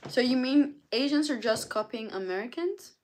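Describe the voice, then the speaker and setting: A woman's voice: fairly high pitch, expressive, moderate pace, darkish tone. Tired woman streamer reading chat. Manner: reads chat messages aloud and answers them. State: tired, yawning. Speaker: livestreamer. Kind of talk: casual live-stream chat.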